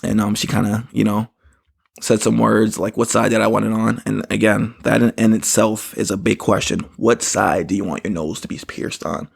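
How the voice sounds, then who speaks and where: A man's voice: on the low side, fairly even intonation, normal speed, vocal fry, slightly rough. A man hosting a podcast, telling a story in a rambling casual way and often saying "you know what I mean". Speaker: podcast host.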